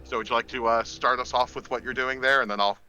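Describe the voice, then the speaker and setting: Bright-voiced male game master, unhurried. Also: mid-range voice, dull audio. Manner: relaxed, many filler pauses while describing scenes. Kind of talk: narrating a tabletop game. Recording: faint music behind.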